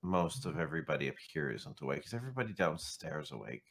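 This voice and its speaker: Man, low voice, roleplay player, dry wry delivery. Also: sing-song, quick pace, fairly bright tone. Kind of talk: in-character roleplay chat.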